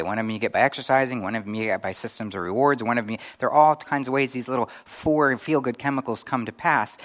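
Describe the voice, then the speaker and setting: A middle-aged male pastor preaching a conversational sermon with animated acted-out asides. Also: medium pitch.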